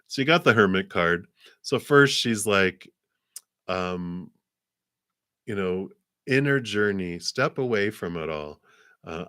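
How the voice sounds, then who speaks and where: Man, low deep voice, tarot reader, casual live stream, chatty, laughs a lot, dry close sound. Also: lively intonation, takes it slowly, pauses often, fairly bright tone, no room sound. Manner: chatty, easygoing, laughs often between phrases; rambling with fillers, paraphrases spirits in his own voice.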